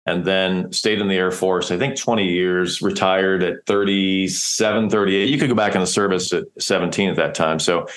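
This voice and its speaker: A man's voice: low voice, fairly even intonation, moderate pace, few pauses, a bit bright. A middle-aged man from Nebraska, a podcast guest, telling a personal story in a candid, emotional way and often restarting his sentences. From Nebraska, United States.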